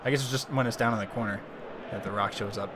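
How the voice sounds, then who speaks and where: A man doing live play-by-play commentary on a video game football match, getting excited and shouting on close chances. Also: lowish voice, fast talker, background noise. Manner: excitable, rises to shouting on near goals.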